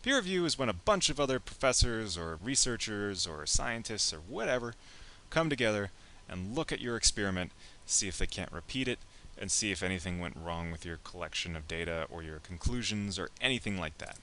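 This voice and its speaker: A man's voice: lowish voice, expressive, a little fast, few pauses, bright, forceful tone, a little hiss or hum. A young man teaching a casual, joking lecture on science and engineering, acting out imagined speakers with playful asides.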